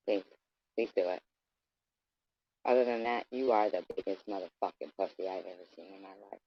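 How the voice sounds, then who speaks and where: A man's voice: deep voice, normal speed, long pauses, no echo. A man delivering an aggressive, profane, taunting rant straight at his camera. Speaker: vlogger. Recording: dull lo-fi dry sound.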